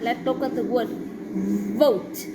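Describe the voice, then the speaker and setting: A woman teaching a pronunciation lesson, saying each example word slowly and carefully. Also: on the high side, very noisy. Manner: slow, deliberate, drawn-out example words.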